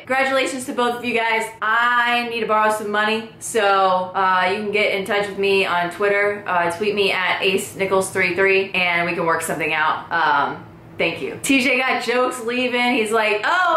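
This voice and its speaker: A young woman recapping a reality show in a casual vlog, sassy and profane, breaking into sing-song shouts. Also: a little high, a little hiss or hum. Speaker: recap vlogger. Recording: echoey room.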